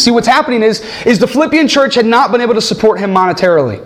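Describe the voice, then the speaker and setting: A man's voice: extremely high pitch, racing, hardly any pauses. A man preaching a sermon, telling a funny story and breaking into acted quotes before making his point. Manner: animated, jokey, shifts into loud acted quotes.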